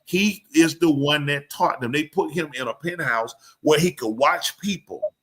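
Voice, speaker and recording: A man talks animatedly on a live show, pressing every point hard. His voice is bright and sits a little high. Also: a little slow, slightly rough. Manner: animated, emphatic storyteller. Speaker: show host. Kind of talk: live show casual talk.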